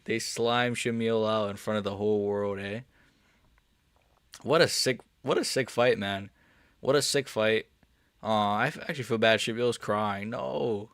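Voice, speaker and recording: A young man reacting live to fights on a stream, excitable and swearing, swinging from mumbling asides to yelling. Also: medium pitch, a little slow, pauses often, no echo, clean studio sound.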